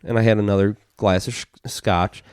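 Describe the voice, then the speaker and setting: A man with a low, deep voice tells a long, rambling story in a relaxed podcast chat. He swears freely and drops into little impressions of the people he quotes. The sound is close and dry, with no room around it. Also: normal speed, smooth, no echo. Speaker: podcast co-host.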